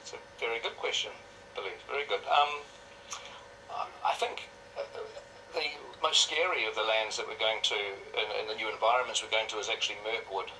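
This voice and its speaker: A man's voice: lowish voice, fairly quick, bright, forceful tone. A man hosting a live question-and-answer stream in a chatty, anecdotal storytelling way. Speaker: film director hosting a live Q&A. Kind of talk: casual live-stream chat. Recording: distant mic, faint noise.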